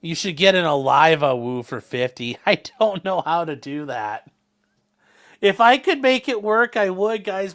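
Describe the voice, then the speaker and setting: A man's voice: sits high, sing-song, a little slow, fairly bright tone. A man hosting a livestream, rambling and joking as he reacts to the chat. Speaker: livestream host reading chat. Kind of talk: casual stream chat.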